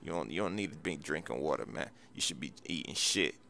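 A man's voice: very deep voice, expressive, brisk, gravelly, bright, forceful tone. A man talking suspiciously and teasing in slang during game roleplay.

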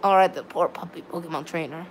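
A woman giving excitable, rambling live commentary on her gameplay while chatting with viewers. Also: lowish voice, fast, slight background noise. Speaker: game streamer.

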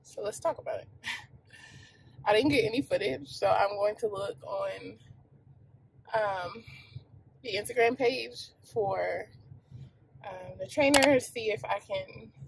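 A woman's voice: mid-range voice, creaky, low-quality recording. A woman talks straight into her phone, on the edge of tears, stopping and restarting her sentences with lots of fillers. Her voice sits in an ordinary middle range. A faint hiss sits under the recording. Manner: emotional, halting, many fillers. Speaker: vlogger. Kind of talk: candid talk to camera.

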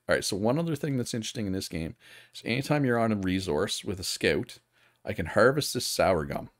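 A man's voice: low voice, no room sound, studio quality. A man casually talking through a strategy game on a live stream, thinking aloud and chatting with viewers. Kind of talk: live gameplay commentary.

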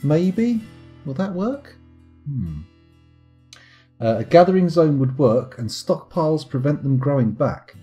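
Streamer, wry mutterer, lively pitch, mellow tone, soft guitar music underneath. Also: male voice, unhurried, long pauses, muffled recording. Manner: wry, muttering to himself while playing. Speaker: gaming streamer. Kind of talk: live game commentary.

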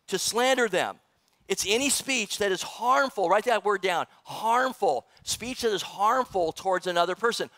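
A middle-aged man, a pastor, preaching in a church, animated and joking with the congregation. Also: high-pitched, dry recording. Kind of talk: sermon. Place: church sanctuary.

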